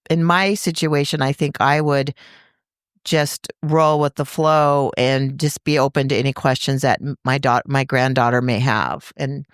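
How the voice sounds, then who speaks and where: A woman's voice: a bass voice, no echo, studio quality. Earnest, thoughtful woman podcast co-host. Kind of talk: casual podcast chat.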